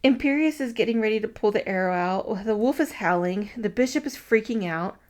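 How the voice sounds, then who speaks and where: Fairly high-pitched, animated and brisk, this woman co-host summarizes a film's plot on a podcast. Her casual recap is laced with wry, crude remarks.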